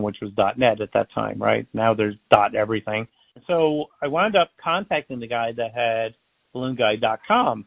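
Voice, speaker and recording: Over a tinny phone line, a friendly, gravelly-voiced man tells stories in a casual interview, speaking at a normal pace in a mid-range voice. He's a balloon artist and magician based in Florida, and he's chatty and animated, acting out the dialogue. The sound is dry and close.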